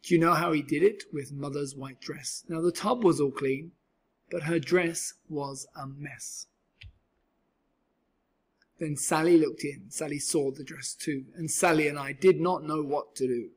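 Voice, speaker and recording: A man reading a children's picture book aloud, riding the rhyme with an expressive, rhythmic delivery. His voice sits a little high and carries a husky, breathy grain. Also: a little slow. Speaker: storyteller.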